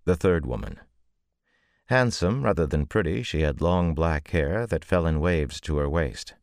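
Male audiobook narrator, extremely deep voice, dry studio read. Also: lively intonation, dry recording. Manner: measured, deep-voiced reading with voiced characters. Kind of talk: scripted narration.

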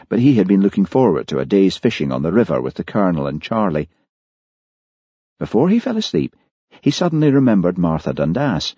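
A male audiobook narrator telling the story in a measured way. His voice is very low, dark and husky, with lively rises and falls. The recording is dry and dull. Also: no echo. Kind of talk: scripted narration.

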